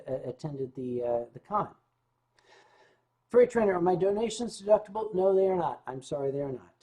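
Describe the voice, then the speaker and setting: A man hosting a livestream, chatting casually with his viewers and telling stories with big swings in pitch and loudness, stumbling and restarting when the subject turns serious. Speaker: livestream host answering chat.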